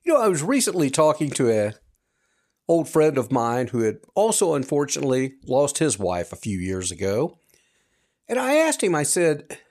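A man in his fifties hosting a podcast, talking earnestly and reflectively straight to his listeners in a personal monologue. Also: fairly high pitch. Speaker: podcast host.

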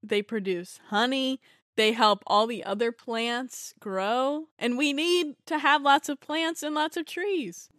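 A woman's voice: high voice, takes it slowly, a bit bright. A woman playing an earnest young liberal college-student niece defending the environment. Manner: earnest, pleading.

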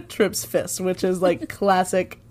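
A woman's voice: on the low side, level tone, takes it slowly, darkish tone. A woman co-hosting a podcast, recapping an episode in a casual, chatty way with irreverent asides and frequent laughs. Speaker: podcast co-host.

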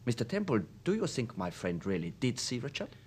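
A man's voice: medium pitch, huge pitch swings, brisk, breathy edge. An actor playing a hesitant, stammering young man in a radio drama. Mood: nervous. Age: young adult. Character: nervous young male student, evasive and eager.

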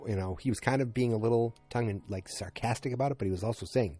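Rambling man with a mellow husky voice. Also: fairly low pitch, a little fast, faint music behind. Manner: rambling, many fillers and restarts, retells scenes. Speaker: podcast host recapping a TV episode. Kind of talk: casual recap chat.

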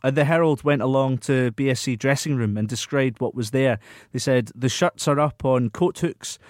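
Male podcast host, mid-pitched, chatty, dry close mic. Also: moderate pace, darkish tone, dry recording. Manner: chatty, reads listener questions aloud. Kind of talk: casual football podcast chat.

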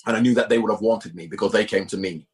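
In a fairly low voice at a quick pace, a middle-aged man who once managed football sides speaks at length during a casual interview. He is emphatic as the guest, repeating himself to stress his points.

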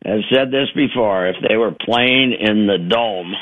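An older man calling into a sports radio show, chatting casually and rambling with many pauses and fillers. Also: lowish voice, narrow, tinny audio, a little hiss or hum. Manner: rambling, halting with many uhs.

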